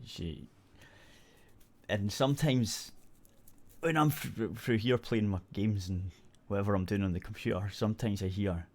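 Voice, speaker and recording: Low-voiced Scottish man, rambling chat. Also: unhurried. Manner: rambling storyteller, swears casually, many restarts. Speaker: radio show host. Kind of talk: casual chat.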